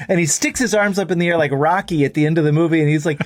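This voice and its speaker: A middle-aged man from Texas, a guest musician on a podcast, telling a rambling, animated anecdote and acting out other people's lines. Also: on the high side, very fast, no echo, studio quality. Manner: rambling, animated storyteller who acts out quotes.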